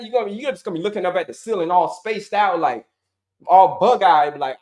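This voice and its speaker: Male health coach, middle-aged, lively and repetitive on a live stream, higher-pitched voice, roomy echo. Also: quick pace. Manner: animated, repetitive, addresses viewers as folks and y'all. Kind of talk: live-stream teaching talk. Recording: roomy echoey sound.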